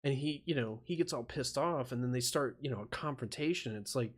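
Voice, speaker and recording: A man's voice: mid-range voice, moderate pace, a bit bright. A man rambling profanely on a live stream while feverish, laughing often and restarting his sentences.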